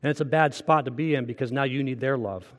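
A man's voice: mid-range voice, quick pace, big-room sound. A man preaching a sermon as pastor, earnest and conversational, asking the congregation direct questions. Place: church.

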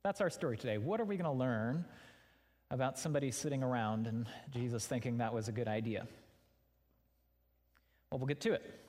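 A man's voice: medium pitch, brisk, long pauses, a little mellow. Man preaching in a reverberant hall. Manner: conversational, candid, addresses listeners directly. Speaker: pastor. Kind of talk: sermon. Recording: long reverb of a large hall.

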